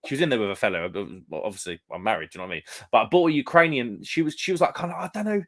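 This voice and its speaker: A man's voice: mid-range voice, animated, racing, fairly bright tone. A young man from the UK hosting a live stream, chatting casually with viewers in a rambling way full of fillers. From United Kingdom. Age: young adult.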